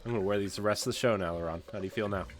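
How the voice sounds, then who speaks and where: A man's voice: on the low side, very fast, a crowd in the background. A man co-hosting a casual podcast, tossing out teasing, jokey one-liners. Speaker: podcast co-host. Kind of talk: casual late-night podcast chat.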